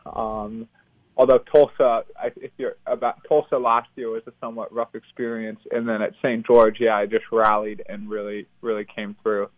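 A man's voice: on the low side, flat delivery, moderate pace, no room sound. A young American man, a professional triathlete, talking in an upbeat way in a phone-in interview and laughing easily. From United States. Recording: tinny phone line.

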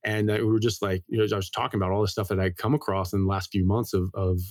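A man's voice: on the low side, flat delivery, darkish tone, no echo, clean studio sound. An American man in a casual interview, explaining things earnestly as a doctor and telling stories about his family. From United States. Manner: brisk, earnest, tells anecdotes. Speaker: guest, medical doctor.

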